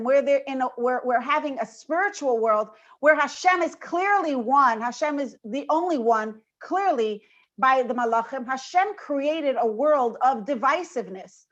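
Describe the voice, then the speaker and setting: A woman moderating a women's panel on a video call, giving an informal Torah talk in an animated storytelling manner. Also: high-pitched. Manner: animated storyteller, switches voices for quoted animals. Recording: dull lo-fi video call audio.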